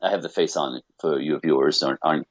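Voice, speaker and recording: A man speaking as a podcast guest, telling a personal story in an animated way, with many restarts and rhetorical questions. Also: rumbling low, fast, no room sound, lo-fi sound.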